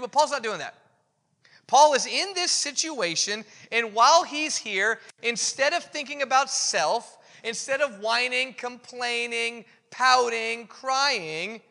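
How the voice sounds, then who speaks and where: A man with a high, sharp-edged voice preaches in a relaxed, conversational way, candid and poking fun at himself. The sound rings with the long reverb of a big hall. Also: a little slow, vocal fry. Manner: candid, self-deprecating, animated storytelling. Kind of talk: conversational sermon.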